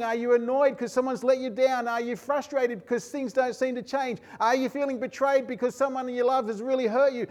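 A middle-aged man preaching a sermon, earnest and emphatic, building his points through repeated lists and refrains. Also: high-pitched. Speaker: pastor.

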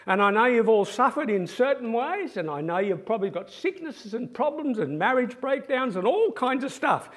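Male preacher, high voice, swoops wildly while telling anecdotes. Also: normal speed, hardly any pauses. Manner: animated anecdotal storytelling. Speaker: former pastoral care pastor. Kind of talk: sermon-style talk.

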